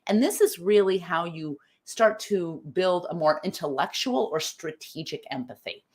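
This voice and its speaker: A woman's voice: fairly low pitch, lively intonation, moderate pace, darkish tone. A middle-aged woman from the United States hosts a live-stream talk, thinking aloud, restarting phrases and reading out viewer comments. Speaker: live show host.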